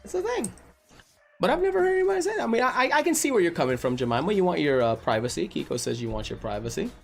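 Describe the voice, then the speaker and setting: A man's voice: high voice, rapid-fire, creaky. A married man hosting a casual stream, chatting and reading viewer messages aloud as he tells stories. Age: adult, married. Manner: animated storyteller, reads chat messages aloud. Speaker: stream host reading chat. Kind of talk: casual chat.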